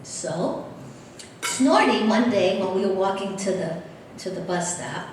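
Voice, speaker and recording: A middle-aged woman giving a speech as a guest speaker, telling a personal story with lively, animated delivery. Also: mid-range voice, measured pace, slight background noise. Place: large convention hall. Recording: echoey hall heard from far off.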